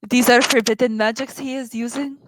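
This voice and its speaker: A woman playing a solemn woman warrior who speaks gravely about forbidden magic, in a slow, portentous way. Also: on the high side, fairly even intonation, a bit bright, a little hiss or hum, lightly acted. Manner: grave, portentous, drawn-out delivery.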